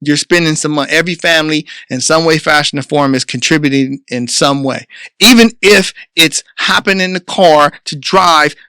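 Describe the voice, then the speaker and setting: In a bright, sharp, high-sitting voice, an emphatic man gives a preachy motivational monologue in the manner of a coach for his podcast, which he hosts. He speaks at normal speed, and the clean, close, dry recording carries no room sound.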